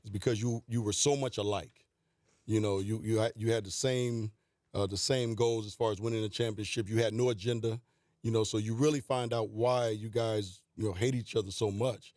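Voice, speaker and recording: Animated man telling studio stories. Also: on the low side, brisk, no room sound. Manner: animated anecdotes, quoting players, laughing. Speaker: guest, former basketball coach. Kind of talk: storytelling in a radio interview. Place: radio studio. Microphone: studio mic.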